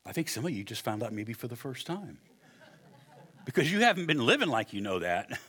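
A man preaching a sermon, animated and joking, acting out the people in his story. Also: medium pitch, a little fast, husky. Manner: animated, acts out voices with humor. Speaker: pastor.

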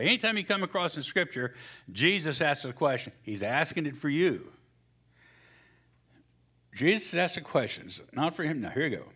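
A man preaching a sermon as a pastor, telling a joke and then reading scripture in a lively, storytelling way. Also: mid-range voice, slightly rough.

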